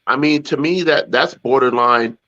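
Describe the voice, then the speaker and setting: A man co-hosting a talk show, speaking haltingly with many restarts and repeated words. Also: mid-range voice, a bit bright. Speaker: podcast co-host. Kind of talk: casual talk show discussion. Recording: dull lo-fi sound.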